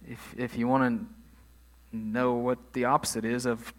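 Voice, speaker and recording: A man's voice: medium pitch, flat delivery, unhurried, fairly bright tone. A man preaching a sermon in a conversational way, leaning hard on key phrases. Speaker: pastor.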